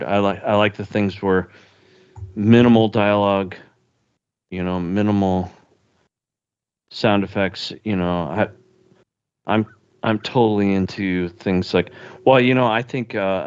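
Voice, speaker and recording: A man co-hosting a podcast, chatting about films in a halting way full of restarts and fillers. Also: deep voice, clean tone. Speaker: podcast co-host. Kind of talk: casual film discussion. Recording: dull lo-fi audio.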